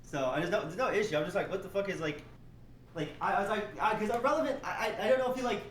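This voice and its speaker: A man rambling defensively and excitedly in profane casual chat. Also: sits high, fast, roomy sound, a little hiss or hum.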